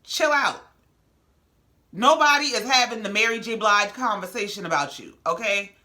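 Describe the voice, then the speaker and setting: A woman's voice: mid-range voice, moderate pace, pushed and bright. A woman hosting a reality TV recap, talking in a sassy, blunt, slangy way. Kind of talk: casual commentary.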